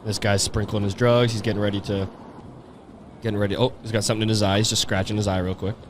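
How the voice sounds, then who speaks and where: A man's voice: on the low side, little pitch movement, fast, slight background noise. A man hosting a podcast, riffing on a video in rambling, profane, sardonic casual commentary. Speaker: podcast host.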